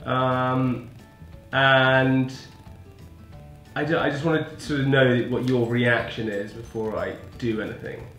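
A man's voice: mid-range voice, fairly even intonation, slow, fairly bright tone, echoey room, soft background music. A young man hosting a casual chat, chummy and laughing easily while making prank calls. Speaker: podcast host.

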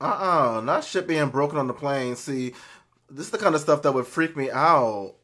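A man reacting to a film for viewers, jumpy and loud, screaming, swearing and talking straight to his audience. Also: fairly high pitch, expressive, normal speed, slight background noise. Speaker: movie reactor.

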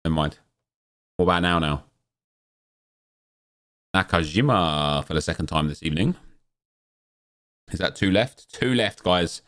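Male gaming host, lowish voice, chatty pack-opening commentary with sudden excited yelps. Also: unhurried, long pauses. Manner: chatty, jumps into excited exclamations at pulls. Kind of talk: casual gameplay commentary.

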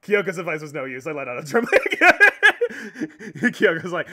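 High, bright, lively young man streaming a game. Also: normal speed. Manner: reads game dialogue aloud, swears, laughs often. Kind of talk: let's play commentary.

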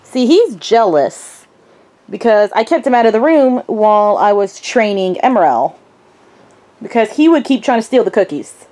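A woman's voice: fairly high pitch, expressive, normal speed, dark tone. A young woman vlogging casually, giving her dog short firm commands and sing-song praise.

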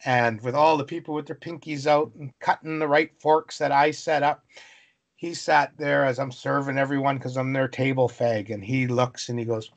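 A man from British Columbia, Canada, telling a story as an interview guest, animated and acting out voices. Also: mid-range voice, normal speed, creaky. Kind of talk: storytelling in conversation.

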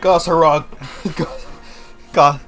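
Brief: man, game co-op banter, excitable and sweary, slightly higher pitch. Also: takes it slowly, soft background music. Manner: excitable, swears and laughs a lot, argues loudly. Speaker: co-op game player. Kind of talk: casual gaming banter.

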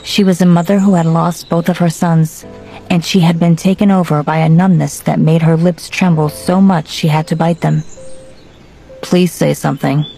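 Low, gravelly woman narrating a story. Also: flat delivery, moderate pace, dark tone, faint music behind. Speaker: audiobook narrator. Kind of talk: scripted narration.

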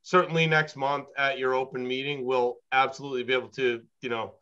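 A consultant talking through projects with a client board in a meeting, hedging often and filling pauses with "um" and "you know". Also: male voice, mid-range voice, little pitch movement, sharp tone, clean tone, dull audio. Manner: thoughtful, hedging, many fillers. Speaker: engineering consultant. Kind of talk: business meeting talk.

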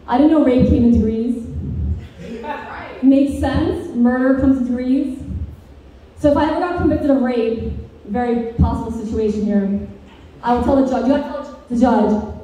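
A woman performing a stand-up comedy set, delivering deadpan dark one-liners that slip into sing-song lilts. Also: on the high side, highs cut off. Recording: very echoey room, distant mic.

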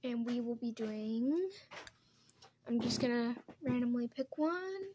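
A woman's voice: a little high, lively intonation, takes it slowly, background noise. A young woman chatting casually as she does her makeup at home, rambling from one topic to the next. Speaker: vlogger. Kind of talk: casual get-ready-with-me chat.

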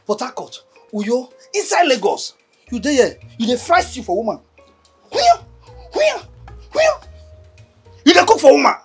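An actor with a Nigerian accent playing a cheeky young houseboy who mocks and teases in a sing-song way. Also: male voice, very high-pitched, huge pitch swings, measured pace, pauses often, slightly rough, soft background music, full character voice. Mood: teasing. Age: young adult. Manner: mocking, teasing, sing-song. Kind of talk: film acting.

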